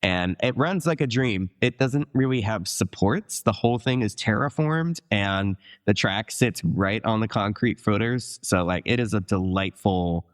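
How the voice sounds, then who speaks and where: Deep-voiced chatty man co-hosting. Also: unhurried, hardly any pauses. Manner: chatty, rambling, enthusiastic. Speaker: podcast co-host. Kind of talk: casual chat.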